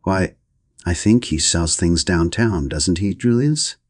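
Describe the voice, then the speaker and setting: Man reading as a snippy sarcastic society lady, deep husky voice. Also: slow pace, no echo, studio quality. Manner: cutting, sarcastic. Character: sharp-tongued sarcastic society woman. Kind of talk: audiobook reading.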